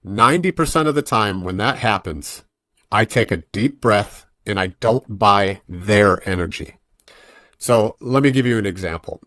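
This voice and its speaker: A man's voice: medium pitch, no room sound, clean studio sound. A man being interviewed on a podcast, a jiu-jitsu coach talking casually and acting out voices in his stories. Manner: animated storytelling, acts out quoted voices.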